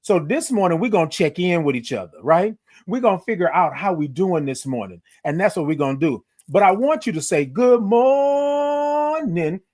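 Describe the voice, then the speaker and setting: Man, high lively voice, phone livestream host, drawn-out sung greetings, chatty. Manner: animated, drawn-out singsong greetings, reads out viewer comments. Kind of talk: upbeat live-stream chat greeting viewers.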